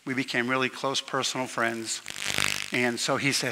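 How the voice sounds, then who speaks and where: A man giving a eulogy for his brother at a memorial service, telling personal stories in a halting way with many fillers and restarts. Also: medium pitch, flat delivery, sharp tone, slight background noise. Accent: Southern US slip. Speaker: eulogist, younger brother of the deceased. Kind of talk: memorial speech with personal anecdotes. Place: church hall at a memorial service. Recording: long reverb from a large hall.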